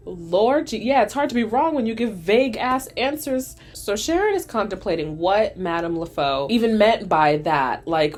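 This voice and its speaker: A woman's voice: medium pitch, very animated, moderate pace, hardly any pauses. A young woman hosting a vlog, recapping a cartoon in casual, sassy commentary while doing her makeup. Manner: sassy, chatty, addresses viewers as girl and y'all. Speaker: vlog host.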